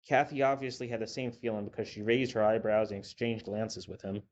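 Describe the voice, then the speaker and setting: A man reading a story aloud in a steady, measured narration. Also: lowish voice. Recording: dull lo-fi with faint hiss.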